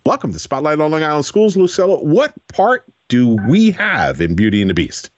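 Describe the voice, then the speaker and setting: Male radio host, animated pitch, dry studio sound, interviews kids with encouraging follow-ups. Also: normal speed, dry recording, dull audio. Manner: encouraging, asks children gentle follow-up questions.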